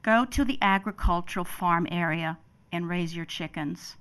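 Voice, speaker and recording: A woman's voice: fairly low pitch, normal speed, fairly bright tone, clear, resonant tone. An older woman testifying at a public hearing, emphatic and emotional, often repeating herself.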